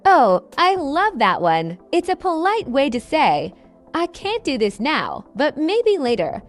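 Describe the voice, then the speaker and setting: A woman co-hosts a scripted English lesson podcast as an English teacher, sounding upbeat as she explains phrases with examples. Her high-pitched voice swoops wildly in pitch, her pace is a little slow, and faint music plays behind her.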